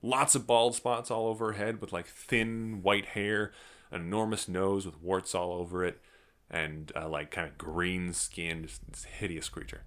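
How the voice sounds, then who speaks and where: A man's voice: sits low, measured pace. A man acting as game master, casually narrating a tabletop game with loose, hesitant description. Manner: casual, lively, hesitant fillers while describing.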